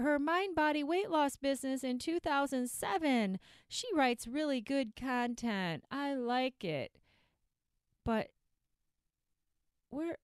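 A woman's voice: high voice, no room sound, studio quality, pitched above the performer's own voice. A woman voicing a self-pitying, procrastinating dieter who rambles and keeps getting distracted by food, in a comedic skit inside a podcast. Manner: rambling, procrastinating, easily sidetracked.

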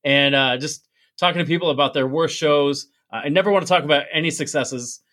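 Man, comedian guest, bright sharp voice, slightly high, self-deprecating jokes, video call from home. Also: fairly quick. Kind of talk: casual chat.

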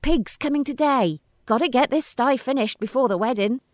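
A woman voicing a brash male pig farmer who talks bluntly and loudly, in a storybook reading. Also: high voice, normal speed, no room sound, studio quality, voice pushed up, lightly acted. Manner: blunt, shouting.

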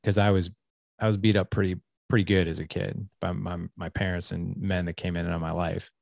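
A man's voice: low voice, level tone, fairly quick, creaky, no room sound. A man in his forties, a podcast guest, earnestly telling a personal story in a candid, confessional way. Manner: earnest, confessional, with frequent restarts and "like".

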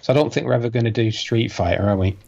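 A man's voice: fairly low pitch, racing, vocal fry, a little mellow. A man co-hosting a casual podcast in a teasing, laid-back way. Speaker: podcast co-host. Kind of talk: casual chat. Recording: dull lo-fi sound.

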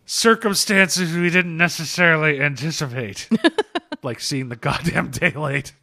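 A man's voice: fairly high pitch, measured pace, vocal fry, bright, forceful tone. Tired, rambling man on a podcast. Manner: rambling, profane, laughs often. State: tired after a long session. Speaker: podcast co-host. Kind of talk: casual comic book podcast chat.

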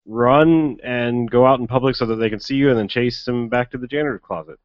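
A man's voice: medium pitch, fairly quick, no room sound, lo-fi sound. A man co-hosting a casual movie review chat, wry and bemused, often laughing. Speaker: podcast co-host.

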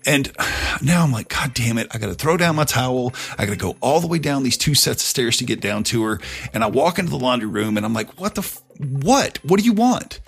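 A man's voice: medium pitch, fast, creaky, fairly bright tone, slightly rough. A middle-aged man hosting a podcast, telling a story in a casual, profane, conversational way. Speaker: podcast host.

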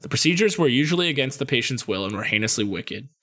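A man's voice: medium pitch, expressive, fast talker, sharp tone. A young man co-hosting a podcast, reading a ghost story aloud and cutting in with his own jokes. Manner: reads the story, breaks off for jokes. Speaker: podcast co-host.

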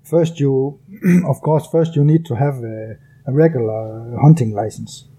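A man's voice: mid-range voice, steady tone, a little slow, dark tone, husky. A man from Denmark with a Danish accent, speaking English as a second language as an interview guest, hesitant and careful with many fillers. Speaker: guest, bow hunter. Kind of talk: casual interview.

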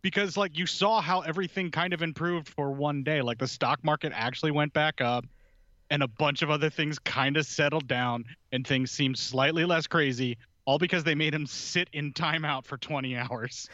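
A man's voice: fairly high pitch, fairly even intonation, normal speed, bright, forceful tone, dry recording, dull audio. A man chatting casually on a podcast, sarcastic and mocking, swearing freely. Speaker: podcast co-host. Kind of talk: casual political chat.

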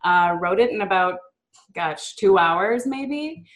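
A woman's voice: medium pitch, expressive, takes it slowly. A woman being interviewed about the children's book she wrote, chatty and upbeat, with lots of "um" and "like". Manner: chatty and upbeat, many fillers like "um" and "like"; mimics a child's voice in quotes. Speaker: guest, children's book author. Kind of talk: casual interview chat.

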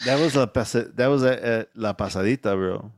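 Gravelly-voiced man telling profane stories. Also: mid-range voice, a little fast, dry recording, clean studio sound. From Mexican-American. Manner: profane, animated storytelling. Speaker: podcast host. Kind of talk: casual chat.

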